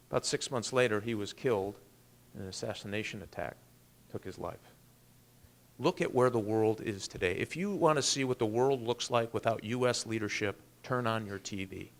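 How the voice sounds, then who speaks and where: A man's voice: lowish voice, moderate pace. A man, a congressman, giving a political speech with earnest storytelling and emphatic rises.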